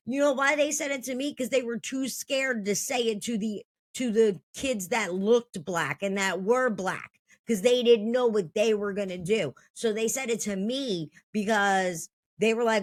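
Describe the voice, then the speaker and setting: A woman's voice: on the high side, a little slow, a bit bright. A woman in her thirties telling a story from her own life in a blunt, heated, profane way. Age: 30s.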